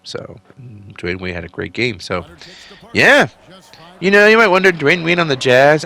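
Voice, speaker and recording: A man's voice: a little high, wildly swooping pitch, measured pace, creaky, sharp tone. A man casually commentating on a simulated basketball season, chatty and offhand, a little tired from a late night. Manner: chatty, offhand, enthusiastic asides. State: tired, yawning. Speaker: channel host narrating a simulated game season.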